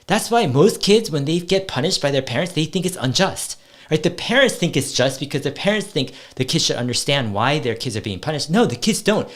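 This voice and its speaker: A man's voice: a little high, brisk. A middle-aged man talking casually about parenting in a rambling way, often restarting words and acting out his kids' lines. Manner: rambling, repeats words, quotes his kids in lively voices. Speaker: host.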